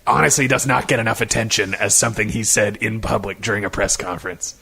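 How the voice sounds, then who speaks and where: Gravelly man rambling deadpan. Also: fairly low pitch, quick pace. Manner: rambling, deadpan improvised storytelling. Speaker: comedy podcast host playing a father. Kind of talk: improvised comedy podcast chat.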